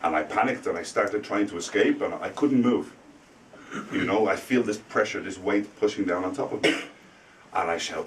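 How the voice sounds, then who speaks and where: A man telling a spooky story live to a classroom of language students, dramatic and dropping to a hush for suspense. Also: low voice, fairly quick. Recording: distant mic, faint room noise.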